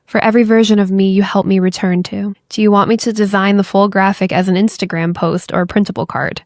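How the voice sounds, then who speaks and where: A woman's voice: mid-range voice, steady tone, fast, darkish tone, dry recording, clean studio sound, natural voice. A woman reading aloud the effusive, bubbly replies of a supportive AI chatbot that acts like her best friend. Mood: gushing.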